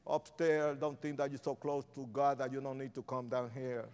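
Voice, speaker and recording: A man preaching an impassioned sermon and altar call in a large church, swinging from shouts to hushed pleas. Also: mid-range voice, fairly even intonation, normal speed, smooth. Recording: long reverb of a large hall.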